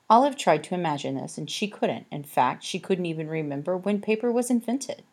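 A woman narrating an audiobook in a measured, expressive way. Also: fairly low pitch, slightly rough. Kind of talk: scripted narration.

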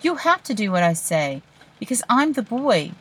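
A woman voicing a frightened, stubborn nine-year-old boy who sometimes speaks in a hushed whisper. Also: mid-range voice, sing-song, normal speed, breathy edge, pitched above the performer's own voice.

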